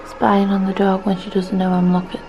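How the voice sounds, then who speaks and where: In a muffled recording with slight background noise, a woman in her twenties speaks briskly in a mid-range voice with a completely flat delivery. She's a vlogger chatting casually to camera at home, rambling and making fun of herself.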